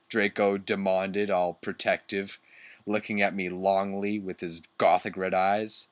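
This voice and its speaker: Young guy mock-reading awful fanfic, swears at it, dry close mic, slow. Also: deep voice, little pitch movement, no room sound. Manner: mocking, laughs and swears at the text. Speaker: reader. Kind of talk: comic dramatic reading.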